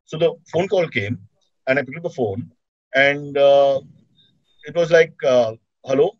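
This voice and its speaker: A middle-aged man with an Indian English accent telling animated comic stories in an interview. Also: mid-range voice, measured pace, dry recording, highs cut off. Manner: animated storyteller, acts out quotes. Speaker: comedian and TV host, guest. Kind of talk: anecdotal interview chat.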